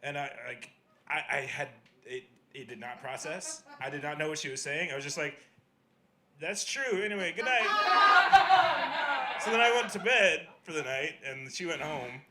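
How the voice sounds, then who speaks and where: A man's voice: fairly high pitch, brisk, a loud crowd. A young man hosting a comedy show, telling a rambling story full of fillers between acts. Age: young adult. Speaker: host of a comedy open mic. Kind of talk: stand-up hosting. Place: small comedy venue.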